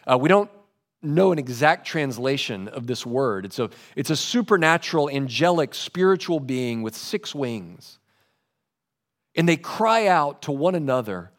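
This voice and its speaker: A man preaching a sermon, lively in delivery, dropping low and soft when quoting scripture. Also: a little slow. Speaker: pastor.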